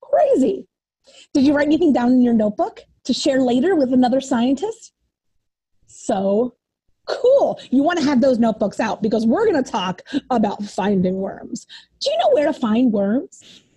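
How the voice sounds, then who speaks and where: This preschool teacher, a woman, performs a picture book for young kids in a bouncy, sing-song way. Her high-pitched voice moves at a normal speed and has a breathy edge.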